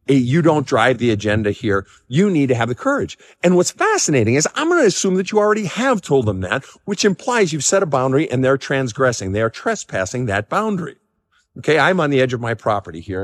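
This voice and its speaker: A man's voice: medium pitch, dry recording, clean studio sound, long reverb tail. Blunt, swearing middle-aged male counselor outdoors. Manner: blunt, swears freely, emphatic; jumping up and down from cold and excitement. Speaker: counselor answering listener questions. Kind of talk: casual advice talk. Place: outdoors in the cold.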